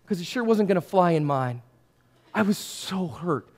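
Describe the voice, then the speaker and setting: Man, pastor, first-person character sermon, high voice, very expressive, talks straight to the listeners. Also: normal speed. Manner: dramatic, swings from hushed to raised; speaks to listeners directly as "you" and "guys".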